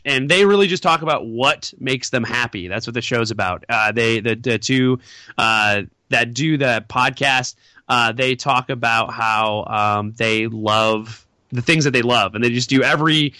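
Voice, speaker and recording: A man's voice: mid-range voice, bright, forceful tone, dry recording. A man hosting a casual podcast, rambling with many fillers and restarts. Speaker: podcast host.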